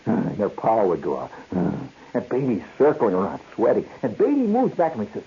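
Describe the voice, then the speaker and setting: Man telling a lively radio story. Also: on the low side, fairly quick, husky. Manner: animated, acts out voices and sounds, laughs often. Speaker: radio host. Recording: dull lo-fi 1970s radio broadcast with hiss.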